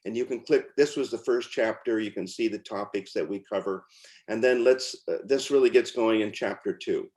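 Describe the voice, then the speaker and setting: A man's voice: lowish voice, fairly quick, a little mellow. A man teaching as he walks through pronunciation lessons on screen, in an informal way with fillers and restarts. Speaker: teacher demonstrating software. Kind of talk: screen-share walkthrough.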